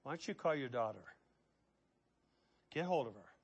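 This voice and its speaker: A middle-aged man preaching a sermon as pastor. He swings between hushed, quiet passages and loud, impassioned ones. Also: medium pitch, animated, moderate pace, husky.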